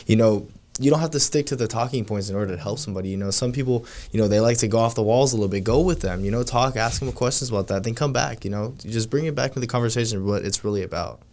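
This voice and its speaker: Fast-talking man, you-know fillers. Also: mid-range voice, darkish tone. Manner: quick, filler-heavy, says you know and like often. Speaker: podcast guest, sales agent. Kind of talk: casual podcast chat.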